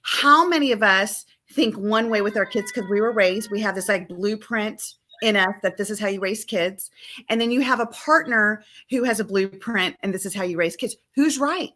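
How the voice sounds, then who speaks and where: A woman with a mid-range voice and moderate pace talks as a family coach during a live-stream conversation over a video call. She's emphatic and animated, frequently acting out quoted family dialogue.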